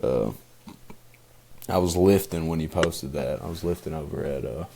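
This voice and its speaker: A man's voice: rumbling low, normal speed, gravelly, dark tone, slight background noise. A young man co-hosting a podcast, talking casually in a rambling way with many fillers and restarts. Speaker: podcast co-host. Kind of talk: casual chat.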